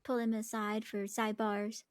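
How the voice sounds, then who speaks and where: A woman's voice: fairly high pitch, completely flat delivery, normal speed, no echo. A woman chatting in character in a western roleplay game, gossipy and talkative. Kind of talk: in-character casual chat.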